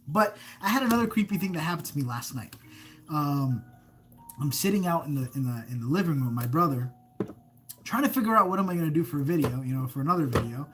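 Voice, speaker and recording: A man hosts a casual live stream of creepy stories from home, his voice sitting a little high for a man. He rambles, trips over his own sentences and stops to read viewer comments aloud. Faint music plays underneath. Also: fairly bright tone. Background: faint background music.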